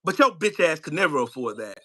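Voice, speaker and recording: A man's voice: fairly high pitch, big pitch swings, fairly quick, sharp tone. A man hosting a live stream, taunting and trash-talking in a profane rant from his home setup.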